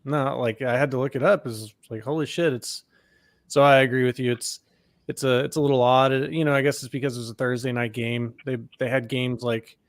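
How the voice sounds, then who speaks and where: A man's voice: medium pitch, brisk, dry recording. Chatty male co-host, dry close sound. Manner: relaxed, chatty with "you know" and "like". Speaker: podcast co-host. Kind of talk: casual sports chat.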